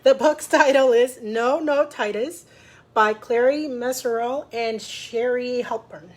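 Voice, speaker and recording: A woman's voice: fairly high pitch, slow pace. A woman librarian leading a children's storytime, chatting directly to young listeners and reading a picture book aloud.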